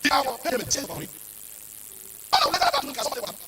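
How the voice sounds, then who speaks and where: A man, preaching and giving announcements in a church, talking quickly with sudden high exclamations. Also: wildly swooping pitch, a little hiss or hum. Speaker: minister. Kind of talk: sermon and announcements. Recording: distant mic with loud music behind.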